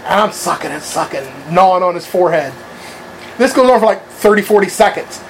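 A man's voice: high-pitched, animated, a little fast, slight background noise, low-quality recording. A man telling a crude, rambling anecdote in casual chat, swearing freely and laughing at his own story.

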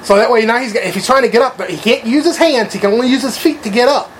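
A man's voice: very high voice, quick pace, slight background noise, low-quality recording. Profane rambling man telling a story. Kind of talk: casual crude anecdote.

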